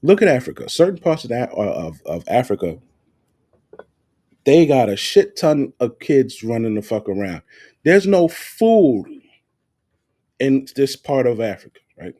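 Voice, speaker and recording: Man, podcast co-host, profane, animated, warm dark tone. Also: medium pitch, unhurried, pauses often, slightly rough. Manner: blunt, profane, animated rants. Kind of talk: casual profane chat.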